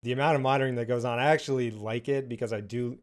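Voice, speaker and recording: A man's voice: mid-range voice, fairly even intonation, rapid-fire. Reflective young man hosting a podcast. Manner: reflective, hesitant, filler-heavy. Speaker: podcast host. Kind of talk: casual interview talk.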